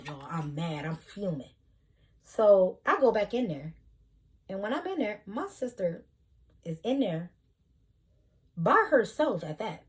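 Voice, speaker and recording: A young woman telling a heated storytime vlog, animated, with loud bursts. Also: medium pitch. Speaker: vlogger.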